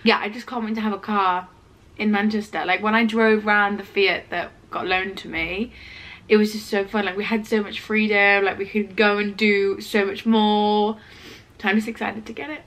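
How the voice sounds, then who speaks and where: A woman in her twenties chatting casually for her vlog in her student flat, full of "like" fillers, her throat a little rough from a cold. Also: medium pitch, moderate pace. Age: 20s. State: slightly ill, throat rough. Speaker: vlogger.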